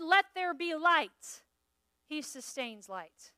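A woman preaching at a conference, animated and playful, with acted-out asides to the room. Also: high-pitched, brisk, no room sound, studio quality. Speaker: conference speaker. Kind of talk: sermon.

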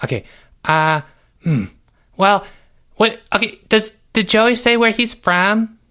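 In a silly comedic Q&A, a performer voices a cheerful, clueless boy character with a medium-pitched, sharp-toned voice. The delivery is slow, rambling, and playful, with lots of hesitations.

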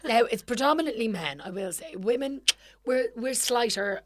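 A woman's voice: on the high side, normal speed. A woman from Ireland with an Irish accent, co-hosting a podcast in casual chat, swearing a lot and talking with emphatic energy. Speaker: podcast co-host.

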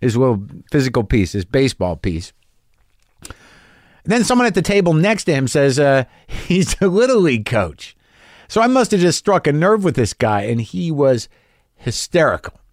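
A middle-aged comedian and podcast host tells a casual, meandering stage story at normal speed with big swings in pitch, stumbling over repeated words. Acting out audience members sends his voice sharply upward. The sound is studio quality, with no room sound.

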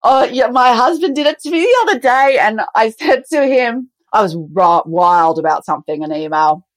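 Woman, middle-aged, animated storyteller, dry sound. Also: on the high side, normal speed, dry recording. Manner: animated storyteller, acts out quoted dialogue. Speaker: business co-founder and guest. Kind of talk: conversational podcast interview.

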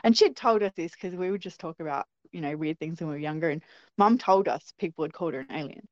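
Woman, young adult, interview guest, animated storyteller, lowish voice, dry lo-fi sound. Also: fast, no echo. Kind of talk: recounting a personal experience.

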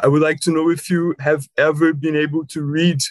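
A man's voice: fairly high pitch, level tone, a little fast, dry recording. A polite, slightly hesitant man from Brazil asking a question on a video call. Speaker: audience member.

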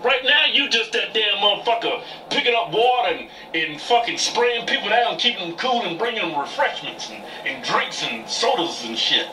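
High, shouting, bossy man in a skit. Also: very animated, moderate pace, few pauses, echoey room, recorded from a distance, noisy background. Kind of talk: improvised comedy skit. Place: outdoors, in a car.

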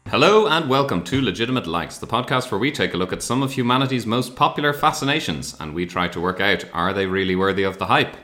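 A man's voice: lowish voice, fast, hardly any pauses, sharp tone, faint music behind. A man hosting a podcast, chatting casually and laughing often. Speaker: podcast host. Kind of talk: casual chat.

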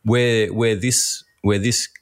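A man with a very deep voice explains the news on a casual podcast. He speaks in a halting, thinking-aloud way, with plenty of fillers, and often hums agreement while his co-host talks. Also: little pitch movement. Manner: explanatory, hesitant fillers, frequent mm. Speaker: economist co-host.

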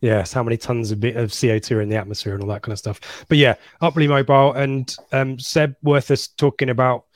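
A man's voice: medium pitch, flat delivery, fast talker, hardly any pauses, dry recording. Chatty man hosting a podcast. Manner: chatty, rambling, laughs at himself. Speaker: podcast host. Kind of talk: casual football podcast chat.

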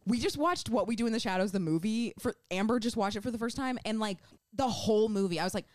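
A woman's voice: a little high, fast, no room sound. A woman co-hosting a podcast in casual, emphatic chat, acting out quotes. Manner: chatty, emphatic, acts out quotes. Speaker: podcast co-host.

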